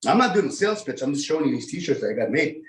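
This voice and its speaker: A man's voice: on the high side, very animated, very fast, noisy background. A man doing casual stand-up comedy from his home over a video call, chatty with lots of "eh" and "you know".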